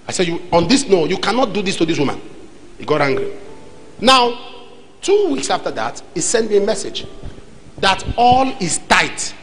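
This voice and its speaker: A man's voice: high-pitched, brisk, faint music behind, poor audio. A man with a Nigerian accent preaching a sermon as pastor, acting out the voices in his stories. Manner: animated, acts out dialogue, shifts between loud and soft. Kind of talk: sermon with acted anecdotes.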